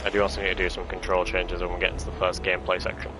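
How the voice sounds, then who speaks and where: Young male streamer, rambly and casual, slightly low voice over game music. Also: monotone, very fast. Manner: rambling, chatty, nostalgic, filler-heavy. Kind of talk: casual gaming stream commentary.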